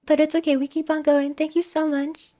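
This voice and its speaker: High-voiced animated woman streamer. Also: a little fast. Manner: animated, exclamatory, mock-exasperated. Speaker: live streamer. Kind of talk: casual live-stream chat.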